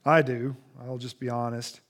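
A man preaching a sermon as pastor, moving from soft, low asides to loud, lively scripture reading. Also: moderate pace.

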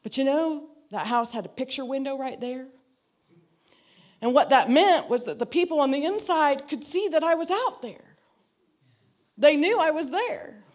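An earnest woman with a fairly high voice shares her personal testimony before a church. She talks in a reflective way, repeating phrases to drive them home, and acts out the dialogue in her story. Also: normal speed. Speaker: church member giving a testimony.

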